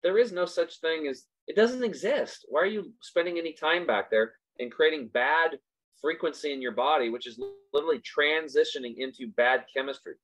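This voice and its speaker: A man's voice: a little high, fairly quick, a bit bright. A man hosting a casual motivational talk, speaking emphatically and repeating his points for stress. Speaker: host. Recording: slightly dull lo-fi recording.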